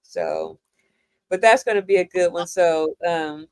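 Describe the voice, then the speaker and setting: A woman from New York hosting a casual chat show, chatty and quick to laugh. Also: lowish voice, huge pitch swings, clear, resonant tone, dry recording. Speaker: show host.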